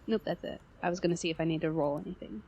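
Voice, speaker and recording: A woman's voice: lowish voice, rapid-fire, warm tone, breathy edge, highs cut off. A woman playing in a tabletop game, thinking aloud with some hesitation. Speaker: player. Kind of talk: tabletop role-play.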